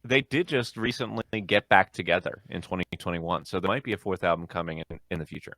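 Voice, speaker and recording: A man's voice: low voice, fast, a bit bright, no room sound, studio quality. A man co-hosting a casual music review podcast, upbeat and chatty. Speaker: podcast co-host.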